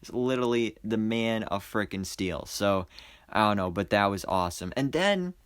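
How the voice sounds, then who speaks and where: A man's voice: on the low side, lively intonation, normal speed, smooth. A young man giving a casual, enthusiastic movie review, rambling with lots of fillers and restarts. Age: young adult. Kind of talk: casual spoiler review monologue.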